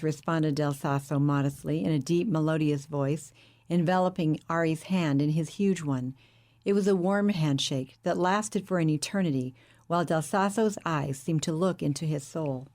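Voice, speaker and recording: A woman narrating a novel as an audiobook, with a steady, clear reading manner. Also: sits low, normal speed.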